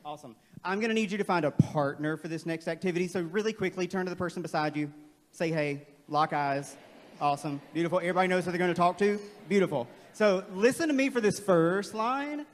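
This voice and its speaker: A man leading a playful, energetic, interactive staff training workshop in a large auditorium. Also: sits high, fast. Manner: playful, energetic, calls on the crowd. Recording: long hall reverb.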